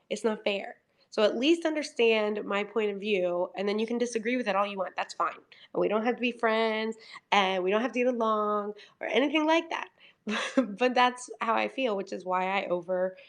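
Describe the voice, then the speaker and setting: A talkative woman livestreaming from home, chatting casually and acting out her own conversations. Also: mid-range voice. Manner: chatty, over-explaining, quoting herself in dialogue. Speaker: livestream host.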